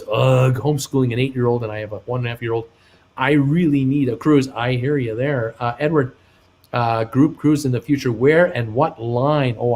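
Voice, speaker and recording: A man in the middle of his vocal range hosts a live travel chat stream. He reads out viewer comments in a loose, friendly way, pausing often with "uh" and "um". He turns upbeat and pleading when he asks for thumbs ups. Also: medium pitch, a little mellow. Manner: hesitant, many uh and um fillers. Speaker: live show host reading chat.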